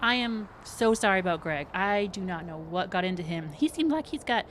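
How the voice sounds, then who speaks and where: A woman voicing a bubbly, overly cheerful young woman from HR, with a high, sing-song, gushing voice and faint background noise. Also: lively intonation, brisk, fairly bright tone.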